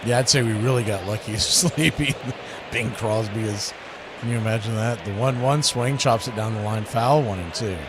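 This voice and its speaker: A man, calling baseball play-by-play on the radio as host in a folksy, chatty way with asides between pitches. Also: moderate pace, noisy background.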